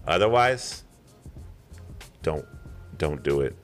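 A man's voice: a bass voice, sing-song, takes it slowly, soft background music. A man in his thirties co-hosting a podcast, chatting casually and rambling off on tangents with chuckles. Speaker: podcast co-host.

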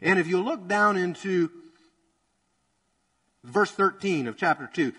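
Energetic man preaching, fairly high voice. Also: moderate pace, rough recording. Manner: energetic, conversational, joking, with dramatized quotes. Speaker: pastor. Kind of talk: sermon.

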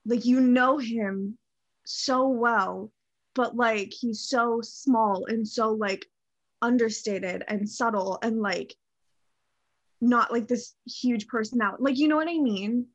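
A woman co-hosts a casual podcast chat in a slightly high voice, speaking slowly and effusively while packing her sentences with "like." The recording sounds dull, dry, and lo-fi.

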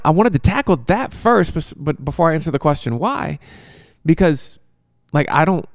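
A man, a pastor, answering a question in casual, conversational Q&A talk, animated and joking at times. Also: mid-range voice, vocal fry, no room sound, clean studio sound.

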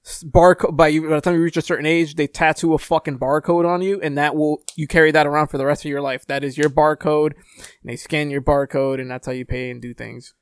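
Young guy, casual co-host, slightly high voice, laid-back explainer, dry close sound. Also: steady tone, fairly quick, clean tone, dry recording. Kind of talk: casual chat.

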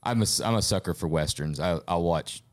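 A man's voice: low-pitched, brisk. A man hosting a casual chat, talking eagerly and loosely about movies. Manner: enthusiastic, rambling movie talk.

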